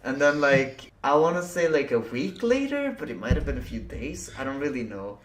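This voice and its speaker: A man's voice: medium pitch, sing-song, normal speed. A young man co-hosting a podcast, telling stories in a casual, laughing, swear-heavy way and acting out his own past reactions. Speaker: podcast co-host. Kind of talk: casual chat. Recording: echoey room.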